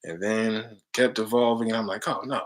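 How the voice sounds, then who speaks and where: A man's voice: fairly low pitch, fairly even intonation, moderate pace. A man giving a casual, preachy spiritual talk to viewers, full of slang and frequent laughter. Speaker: spiritual chant leader.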